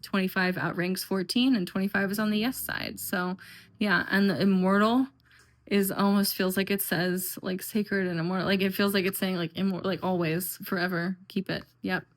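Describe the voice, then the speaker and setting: A woman's voice: medium pitch, fairly even intonation, normal speed. A woman vlogging in a chatty, rambling way, talking casually and filling her sentences with "um" and "like". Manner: chatty and rambling, with frequent fillers and "like". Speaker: tarot and oracle deck vlogger. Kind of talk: casual chat.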